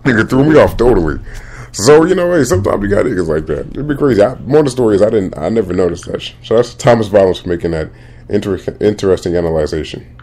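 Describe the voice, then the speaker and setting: A man's voice: on the low side, lively intonation, fast talker, dark tone. A man hosting a podcast, giving casual, rambling movie commentary full of restarts and slang. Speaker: podcast host.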